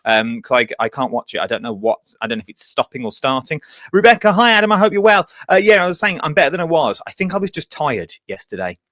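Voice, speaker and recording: A man's voice: medium pitch, expressive, fast talker, hardly any pauses, a bit bright, no room sound. A man hosting a casual live stream from a makeshift home studio, speaking, chatty and jokey as he reads out viewer greetings. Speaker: host.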